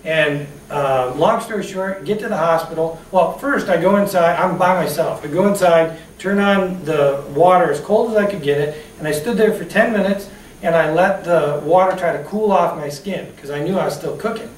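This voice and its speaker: A man's voice: fairly high pitch, normal speed. A man giving a motivational talk on customer service, telling personal stories and asking the audience questions, recorded from a distance in a room. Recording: echoey room, distant mic, faint hiss.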